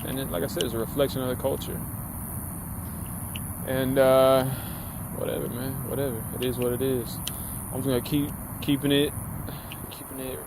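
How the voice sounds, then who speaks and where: A man's voice: mid-range voice, flat delivery, normal speed, background noise. A man ranting casually to camera in a vlog, profane, slangy and rambling. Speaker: vlogger.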